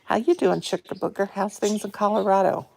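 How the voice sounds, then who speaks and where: A woman in her fifties, a little hoarse, chatting live to viewers from her phone at home and greeting them with pet names. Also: medium pitch, fairly quick, a little mellow, slight background noise. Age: 50s. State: a bit hoarse. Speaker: live-stream host. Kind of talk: casual live-stream chat with viewers. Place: home, indoors.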